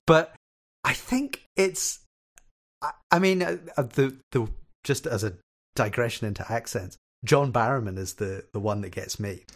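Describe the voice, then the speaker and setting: Non-American male podcast host. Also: medium pitch. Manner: chuckling, hesitant with fillers. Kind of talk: casual chat.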